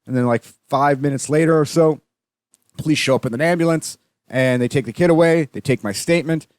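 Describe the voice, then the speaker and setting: A man's voice: on the high side, a little fast, no room sound. Profane rambling Canadian man, dry mic. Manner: profane, rambling, animated when retelling. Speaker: podcast host. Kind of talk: casual storytelling monologue.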